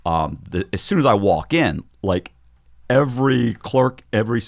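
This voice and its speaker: A man with a fairly low voice tells a story as a podcast guest in relaxed conversation. His pitch swings widely as he acts out the voices of the people he quotes. He often breaks off and restarts his sentences. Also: moderate pace, creaky. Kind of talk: casual storytelling.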